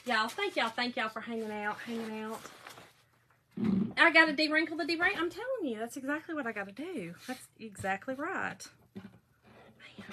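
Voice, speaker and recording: A woman's voice: on the high side, expressive, normal speed, bright, forceful tone, a little hiss or hum. A middle-aged woman hosting a casual crafting livestream, chatting in a folksy way and reading out viewer comments.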